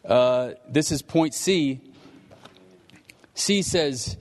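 A man's voice: mid-range voice, moderate pace, a little mellow, a little hiss or hum. A man preaching a sermon in a conversational way, acting out the disciples and Jesus in quoted dialogue. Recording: long hall reverb.

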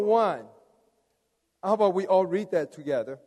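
A man's voice: high-pitched, animated, moderate pace, long pauses, warm tone. A man preaching a sermon, rousing, coaxing the audience to respond. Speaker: preacher leading a conference message. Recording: long reverb of a large hall.

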